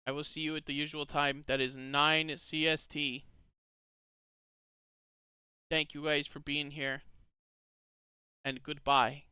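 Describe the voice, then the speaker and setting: Playful male streamer, bright voice. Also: on the high side, flat delivery, slow, pauses often, smooth, no room sound. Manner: playful, chatty, says goodbye to chat. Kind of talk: casual livestream commentary.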